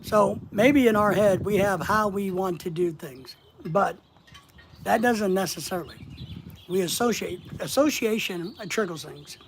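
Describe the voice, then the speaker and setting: A man hosting a relaxed live stream, speaking straight to his viewers. He drives points home by saying key words over and over, and he greets people by name as they drop in. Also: high-pitched, unhurried, slight background noise. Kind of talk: casual live-stream teaching.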